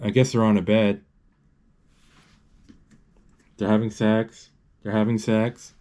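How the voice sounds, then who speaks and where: Halting man describing a movie live. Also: fairly low pitch, little pitch movement, warm tone. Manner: halting, with many restarts and self-corrections. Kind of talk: live play-by-play of a movie as it plays.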